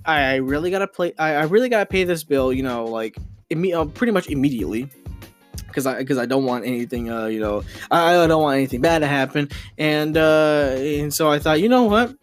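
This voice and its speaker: A man's voice: on the high side, brisk, soft background music. A young man hosting a casual podcast, rambling with lots of fillers and restarts as he tells a frustrating story into his home microphone. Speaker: podcast host.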